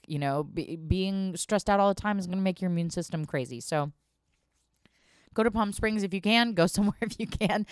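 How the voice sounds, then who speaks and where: Low-voiced woman podcast host, candid and chatty. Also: clear, resonant tone, no room sound, studio quality. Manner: candid, chatty, swearing, frequent ums and self-restarts. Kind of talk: casual podcast monologue.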